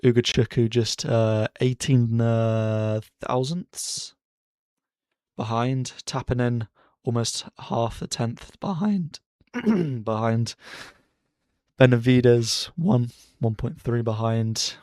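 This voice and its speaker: A man streaming casual live race commentary from his bedroom, chatty and excitable as he cheers drivers on. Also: mid-range voice, slow, clean tone, no room sound, clean studio sound. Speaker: streamer hosting a racing watchalong. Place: bedroom at home.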